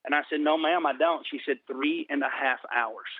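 A middle-aged man telling his personal testimony in an interview, earnest and slowing down for emphasis. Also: mid-range voice, dry recording. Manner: earnest storytelling, slows for emphasis. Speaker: guest sharing testimony. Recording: tinny phone-like line.

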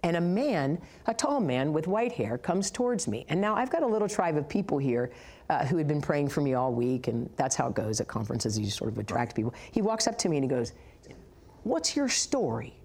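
A woman telling her faith testimony in an animated, sarcastic storytelling manner, laughing as she goes. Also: sits low, fairly quick. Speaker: guest sharing a testimony.

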